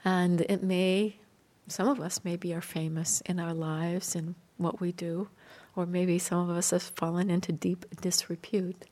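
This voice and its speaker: A woman meditation teacher giving a dharma talk in a gentle, soft-spoken, unhurried way, with light laughter between points. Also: on the low side, level tone.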